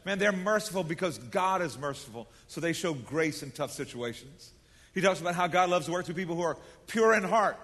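A man's voice: on the high side, animated, a little fast, fairly bright tone. A middle-aged man preaching a sermon to his congregation, folksy and emphatic, leading them in call-and-response. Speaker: pastor. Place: large church sanctuary. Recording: long hall reverb.

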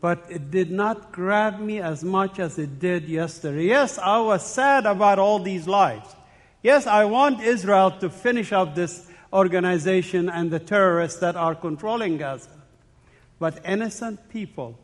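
A man's voice: high-pitched, animated, measured pace. A man from the Middle East speaking as guest preacher in a church, earnest and personal, telling stories and chuckling between points. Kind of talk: sermon with anecdotes. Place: church sanctuary. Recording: long church hall reverb.

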